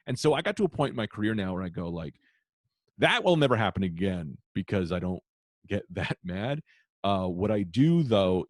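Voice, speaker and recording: Brief: male comic guest, lowish voice, animated and profane, dry close mic. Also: no room sound. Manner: profane, animated, acts out shouted quotes. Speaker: comedian guest. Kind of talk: storytelling in casual podcast chat.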